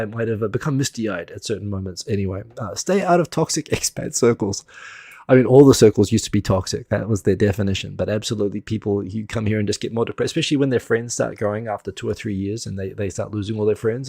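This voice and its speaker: A man's voice: fairly low pitch, creaky, dark tone, husky, dry recording, clean studio sound. A middle-aged man hosting a casual live stream, rambling and laughing at himself as he chats through topics. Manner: rambling, self-deprecating, laughs often.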